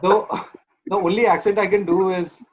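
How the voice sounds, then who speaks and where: A man's voice: high voice, steady tone, normal speed, slight background noise, poor audio. A man co-hosting a podcast, teasing and bantering casually with the others. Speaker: podcast co-host. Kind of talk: casual chat.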